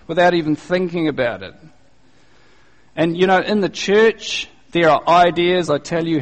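A male pastor preaching a sermon in a conversational, animated way, using casual slang and acting out the people he quotes. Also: on the high side. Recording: long reverb, echoey hall.

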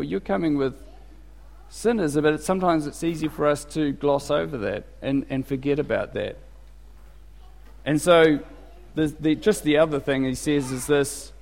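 A man's voice: a little high, a little mellow. A man preaching a sermon as pastor in a conversational, emphatic way. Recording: church with long reverb.

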